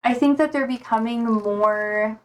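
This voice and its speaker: Young woman, livestreamer, casual chat, rambling with fillers, tired and slightly hoarse. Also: fairly high pitch, measured pace. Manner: rambling, hesitant, many fillers and swear words. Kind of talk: casual chat reading out viewer comments.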